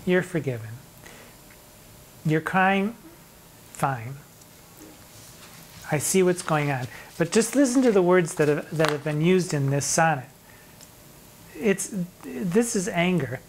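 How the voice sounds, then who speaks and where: A middle-aged drag performer giving a theatrical, mock-indignant commentary on sonnets, reading the verse slowly between asides. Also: medium pitch, big pitch swings, slight background noise, poor audio. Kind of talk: animated poetry commentary.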